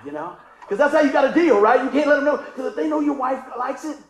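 Folksy preacher man, high voice. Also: expressive, quick pace, echoey room, slight background noise, rough recording. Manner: folksy, call-and-response, acts out story voices. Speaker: pastor. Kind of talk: sermon with humorous storytelling.

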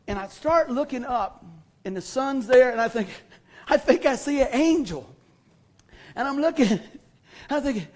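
A male pastor in a church hall preaches to his congregation, animatedly acting out a funny personal story and asking the crowd questions before reading scripture. His voice is very high, at normal speed, with long pauses.

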